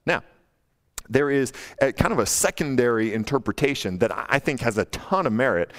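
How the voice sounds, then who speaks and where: A male pastor preaching a casual, animated sermon, acting out quotes in a playful, high teasing voice. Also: brisk. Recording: long hall reverb.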